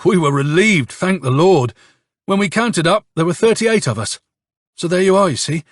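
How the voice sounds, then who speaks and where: A man reading an audiobook, playing a hoarse, bitter young officer who tells his story with curses and sarcasm. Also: high voice, lively intonation, normal speed, no echo, clean studio sound, pitched above the performer's own voice. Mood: angry storytelling. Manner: angry, sardonic storytelling with curses. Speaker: audiobook narrator.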